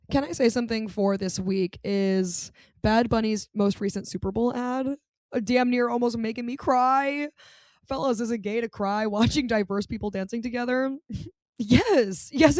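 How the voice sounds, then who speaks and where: A woman's voice: fairly high pitch, darkish tone, no echo. A young woman hosting a podcast, delivering a casual comedic monologue with sarcastic asides and frequent laughs. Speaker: podcast host.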